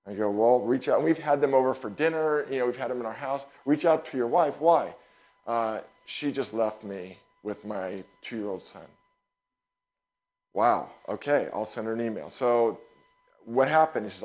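A male pastor telling a personal story in a sermon, animated, with quick asides and repeated words. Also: medium pitch.

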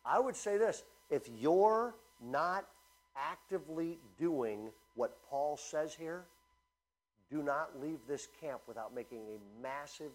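A middle-aged man, a pastor, preaching a sermon with animated storytelling, full of fillers and restarts. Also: fairly high pitch, slow, low-quality recording.

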